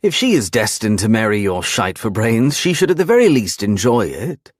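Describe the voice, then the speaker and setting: A man's voice: fairly low pitch, big pitch swings, moderate pace, no echo, studio quality, pitched above the performer's own voice. A man doing a sneering young aristocrat bully. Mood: taunting. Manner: sneering, taunting.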